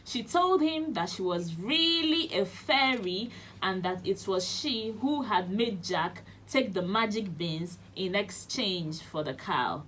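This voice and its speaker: A woman's voice: medium pitch, expressive, slow pace, few pauses, a bit bright, a little hiss or hum. A woman with a Nigerian accent, a children's radio host reading a storybook aloud expressively. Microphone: studio radio mic.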